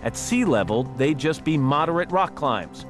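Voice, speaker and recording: A man narrating a news documentary in a measured, grave manner. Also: on the high side, expressive. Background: music.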